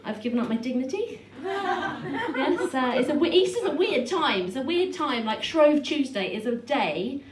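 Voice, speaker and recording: A woman in her thirties, heavily pregnant, performs a stand-up set on a small club stage. Her delivery is dry and self-deprecating, with quick restarts. Her fairly high voice rings around a roomy space, picked up from a distance over steady noise. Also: over a noisy crowd. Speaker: stand-up comedian. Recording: echoey club room from far off, noisy.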